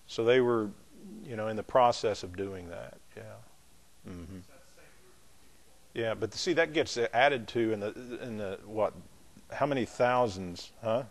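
A man's voice: on the low side, measured pace. Man casually teaching a Bible class. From not from the American South. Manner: conversational, with restarts and asides to the class.

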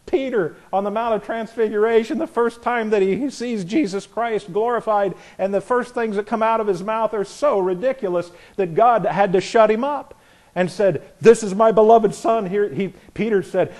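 A man preaching a verse-by-verse Bible sermon, animated, acting out the voices in the stories and chuckling at his own points. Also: high voice, normal speed.

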